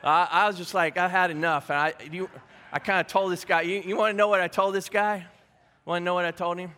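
A man with a notably high voice preaches to his congregation. He keeps the tone conversational and repeats his main points for emphasis. He slips in bits of gentle humor along the way. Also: fairly even intonation, a little fast, slight background noise. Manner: conversational, repeats key phrases, light humor. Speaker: pastor. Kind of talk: sermon. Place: church service.

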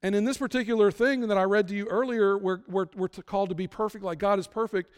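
A man preaching a sermon as pastor, building from calm teaching to loud, emphatic peaks. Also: sits high, fast, clean tone, big-room sound.

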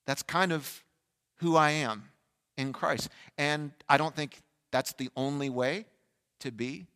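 A man preaching an energetic Easter sermon as pastor, shifting between loud fervent bursts and quiet, reflective asides. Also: a little high, takes it slowly, smooth. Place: large church sanctuary. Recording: long church hall reverb.

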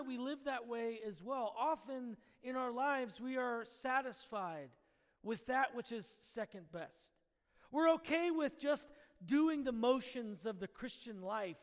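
A man's voice: very high-pitched, measured pace, big-room sound. A man preaching a sermon, praying and then telling a story in an earnest storytelling manner. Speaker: pastor. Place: church sanctuary.

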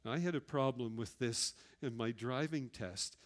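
A man's voice: mid-range voice, moderate pace. Middle-aged male pastor, earnest storytelling sermon delivery, mid-range voice. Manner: earnest storytelling with personal anecdotes.

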